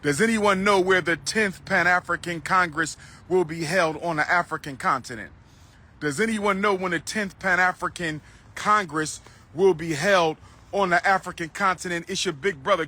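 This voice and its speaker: Man, outdoor phone livestream, loud, declaiming, repetitive, bright voice. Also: sits high. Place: outdoors on a street.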